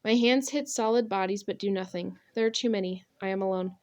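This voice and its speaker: A young woman narrating an audiobook in the first person, with an expressive, intense, dramatic delivery. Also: medium pitch, a little fast.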